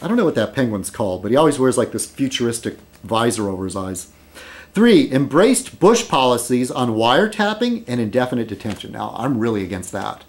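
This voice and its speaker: Animated, chuckling middle-aged male vlogger. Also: mid-range voice, a little fast. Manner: chuckles at his own jokes, rambling with fillers. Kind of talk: casual rambling commentary.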